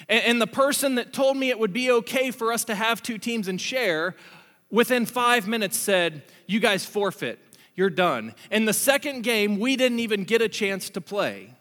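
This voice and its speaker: A man preaching a sermon in a conversational, storytelling way, with animated asides to the congregation. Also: high voice. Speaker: pastor. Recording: long hall reverb.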